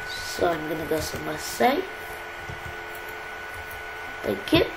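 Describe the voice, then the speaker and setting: A woman's voice: low voice, slow pace, vocal fry, pauses often. A woman hosting her gaming channel, chatting casually and poking fun at herself while she plays. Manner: chatty, self-deprecating, easily excited. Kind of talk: casual game commentary. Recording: roomy echo, faint background hiss.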